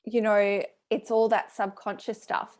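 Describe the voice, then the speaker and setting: Thoughtful woman guest explaining calmly. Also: medium pitch, unhurried. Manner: thoughtful, explains with many fillers. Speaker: podcast guest, health expert. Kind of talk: casual explanatory chat.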